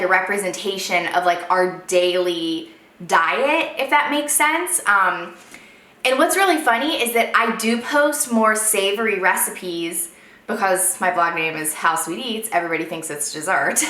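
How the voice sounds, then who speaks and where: A woman's voice: mid-range voice, bright, forceful tone. A woman in her thirties, a food blogger, chatting casually at home to camera in a rambling way with lots of fillers. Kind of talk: casual vlog Q and A. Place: home room at night. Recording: roomy echo.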